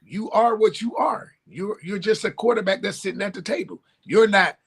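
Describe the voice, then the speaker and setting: A man's voice: sits high, normal speed, gravelly, husky. A man co-hosting a sports talk show, arguing his points bluntly and emphatically in casual chat.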